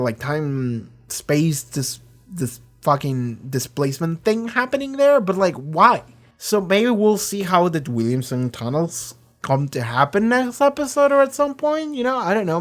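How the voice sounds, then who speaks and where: A channel host reviewing a TV episode in a casual chat. The host rambles excitedly, swears freely and acts out characters in quick voices. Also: mid-range voice.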